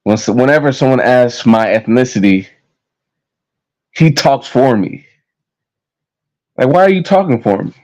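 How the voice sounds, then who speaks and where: A man's voice: mid-range voice, lively intonation, a little slow, long pauses, a little mellow, highs cut off. A young American man ranting to camera in a heated, profane, repetitive way. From United States. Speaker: vlogger. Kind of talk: casual rant to camera.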